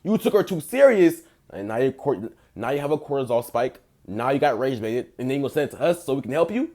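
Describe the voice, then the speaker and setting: A man's voice: medium pitch, big pitch swings, fast, a little mellow. A young man, a dating coach, giving blunt, mocking reaction commentary full of profanity and basketball slang. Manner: blunt, mocking, rates texts out of ten.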